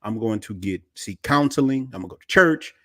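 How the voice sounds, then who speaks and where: A man's voice: on the low side, a little fast, no echo. Storytelling man, very dry sound. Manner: animated storyteller, slangy. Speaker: podcast host. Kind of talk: casual podcast chat, storytelling.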